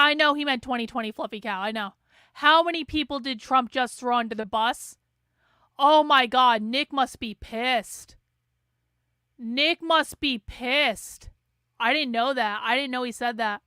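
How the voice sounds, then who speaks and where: A woman hosting a live reaction show, loud, profane and sarcastic, her voice strained from yelling. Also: sits high, clear, resonant tone, no room sound, studio quality. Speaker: show host.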